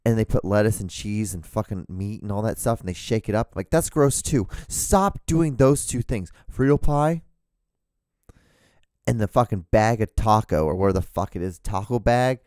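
A man rants alone on his podcast in a mellow, warm voice, with blunt, profane asides and a rambling flow. His voice is starting to wear thin. The sound is close and dry. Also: lowish voice, no echo. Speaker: podcast host. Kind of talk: solo podcast rant.

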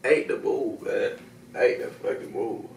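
A man's voice: lowish voice, a little slow, vocal fry, roomy sound, far from the mic, a little hiss or hum. A man hosting a vlog, chatting casually and profanely straight to his viewers in heavy slang while he reviews what he is smoking. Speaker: video host reviewing smoking products.

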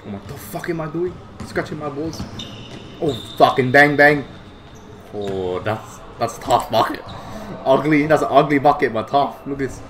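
A young man giving excitable, foul-mouthed reaction commentary. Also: mid-range voice, moderate pace, a little hiss or hum. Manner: excitable, swears a lot, bursts of shouting. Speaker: vlogger reacting to basketball footage.

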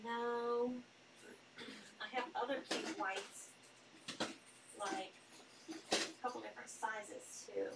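A woman's voice: fairly high pitch, fairly even intonation, slow, vocal fry, pauses often, very noisy. A woman hosting a live sale, bubbly and gushing as she talks. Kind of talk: live selling stream.

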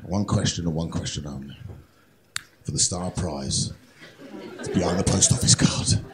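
A man voicing a deadpan male post office clerk acting as a game-show host, talking low, slow and hushed. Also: background noise. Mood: deadpan quizmaster. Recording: live comedy club with audience laughter.

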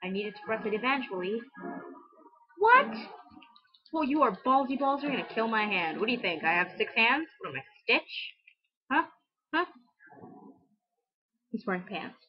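A woman's voice: fairly high pitch, lively intonation, normal speed, pauses often. A young woman livestreaming a game, chatting nervously, talking to her character and asking viewers which way to go. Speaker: livestreaming gamer. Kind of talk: live game commentary. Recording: dull lo-fi stream audio.

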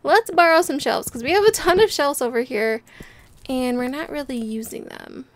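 A woman's voice: high voice, moderate pace, slight background noise. A young woman chatting playfully as she plays a building game and talks her viewers through it, laughing often. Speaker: gameplay video host. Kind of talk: casual game commentary.

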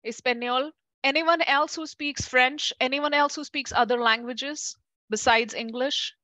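A woman with a fairly high, ringing voice leads a class in a lively, chatty way. She keeps asking her students questions and calls them by name. The sound is close and dry. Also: unhurried, dry recording. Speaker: Ayurveda teacher.

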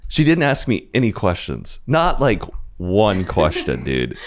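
A young man with a fairly low voice chats easily as a podcast guest. He tells long, meandering anecdotes and peppers them with "like" and "dude". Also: huge pitch swings, measured pace, crowd noise. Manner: rambling anecdotal storytelling with frequent "like" and "dude". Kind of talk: casual chat.

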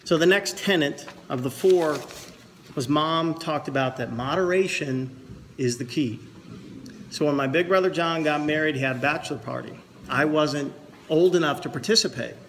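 A man's voice: fairly high pitch, moderate pace, a bit bright, slight background noise. A man speaking at his mother's memorial service as her son, mixing heartfelt reflection with jokes. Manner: earnest storyteller, tells jokes. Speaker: son giving a eulogy. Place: memorial service with a pastor present.

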